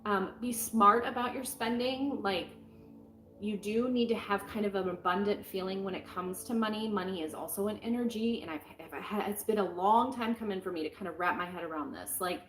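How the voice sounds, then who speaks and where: A woman's voice: medium pitch, brisk, a bit bright. Chatty middle-aged woman reading tarot. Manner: chatty, frank and encouraging, rambling with fillers. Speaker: tarot reader. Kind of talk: casual weekly tarot reading. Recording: roomy with faint music behind.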